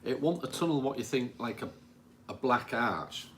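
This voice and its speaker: A man from Britain in casual chat, describing what he went through in a plain, halting way. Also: medium pitch, lively intonation. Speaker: experiment participant. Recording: faint background noise.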